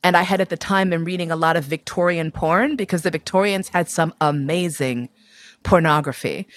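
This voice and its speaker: A woman with a somewhat low voice recounts a personal story for an interviewer, blunt and profane, laughing as she goes. The sound is close and dry, with no room around it. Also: normal speed, dry recording. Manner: animated, profane, laughs often.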